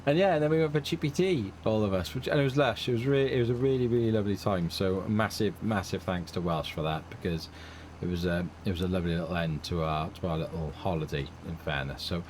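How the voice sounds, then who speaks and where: Chatty, rambling man, somewhat low voice. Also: fast, a little mellow, a little hiss or hum. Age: middle-aged. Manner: chatty, rambling, self-deprecating. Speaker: gaming channel host. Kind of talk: casual let's-play chat.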